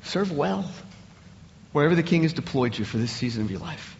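A man preaching a sermon in an animated way, often repeating words as he builds up. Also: a little high, fairly quick, creaky, in a large hall, highs cut off, a little hiss or hum. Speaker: pastor.

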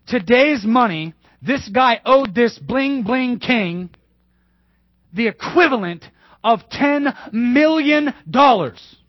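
A male pastor preaching a sermon emphatically, repeating key phrases and dropping to hushed asides. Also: sits high, dry recording. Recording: dull dry lo-fi sermon recording.

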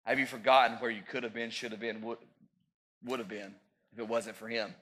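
A man in his thirties preaching a sermon as pastor, rising to loud peaks and dropping into joking asides. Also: medium pitch, flat delivery, fairly quick.

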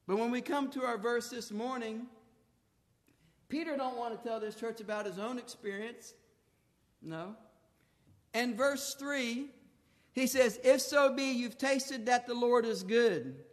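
A man preaching a sermon in a colloquial, folksy way, swinging between hushed tones and shouting as he acts out dialogue. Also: very high voice, moderate pace. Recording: long hall reverb.

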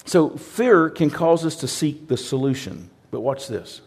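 A man's voice: on the high side, expressive, measured pace, darkish tone, slightly rough. A male pastor preaching a sermon in a plain-spoken way, often repeating words and acting out quoted voices.

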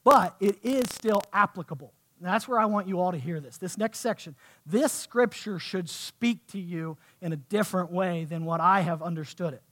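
Man, pastor, very high voice, sermon, conversational then fervent. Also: normal speed, few pauses, a bit bright. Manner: conversational, building to fervent preaching.

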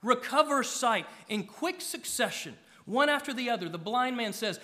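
A middle-aged pastor, preaching a sermon, with emphatic rises and soft drops. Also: male voice, high-pitched, animated, a little slow, few pauses.

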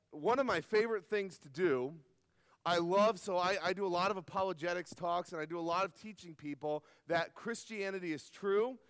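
A man's voice: high-pitched, fairly bright tone, no echo, in a large hall. A man preaching a sermon to a live audience, telling a personal story earnestly and asking the listeners questions. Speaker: pastor. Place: camp meeting hall.

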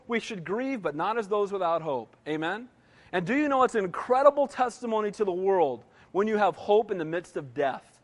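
High-voiced man in his 60s preaching. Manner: emphatic preaching, repeatedly asking "Amen?". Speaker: pastor. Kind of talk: sermon. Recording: long reverb of a large hall.

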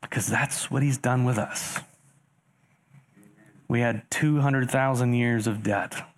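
Animated male pastor preaching. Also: medium pitch, slow. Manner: animated, rising sharply for emphasis and rhetorical questions; addresses congregation directly. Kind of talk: sermon reading and explaining scripture.

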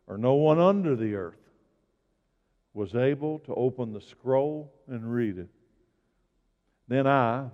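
A man preaching a sermon, swinging from loud exclamations to hushed, slow lines. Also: mid-range voice. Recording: dull sound with long hall reverb.

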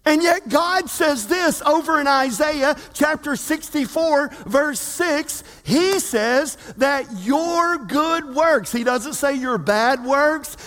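High-voiced man preaching in a reverberant hall. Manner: dynamic preaching, swings from loud emphatic to low hushed. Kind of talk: sermon. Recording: long reverb of a large hall.

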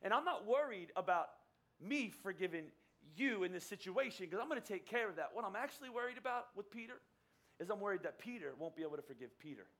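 A middle-aged man preaches in a high, bright voice. He tells his story conversationally from the pulpit and slips into the voices of the people he quotes. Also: expressive, quick pace. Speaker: pastor. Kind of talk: sermon with personal story.

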